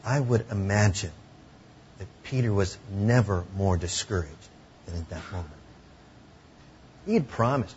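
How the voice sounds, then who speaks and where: A man preaching a sermon in a conversational way, sometimes dropping to hushed tones. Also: fairly low pitch, measured pace, pauses often, highs cut off, a little hiss or hum. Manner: conversational, drops to hushed tones for emotional moments.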